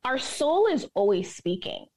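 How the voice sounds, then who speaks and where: A middle-aged woman, a purpose coach and minister, talking in a podcast interview, animated and quick to laugh. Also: high voice. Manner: animated storyteller, laughs often.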